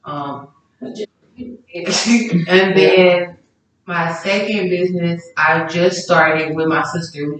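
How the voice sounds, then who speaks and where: A woman's voice: fairly low pitch, fairly even intonation, drawn-out words, fairly bright tone. A woman guest chatting casually on a podcast about her businesses, rambling with fillers and restarts. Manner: rambling, self-correcting with many fillers. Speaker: guest small-business owner. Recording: very echoey room, mic far off.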